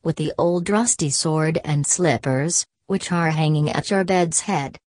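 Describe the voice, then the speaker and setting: Woman reading clever young storybook hero, low voice, slow, dry recording. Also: darkish tone, no room sound.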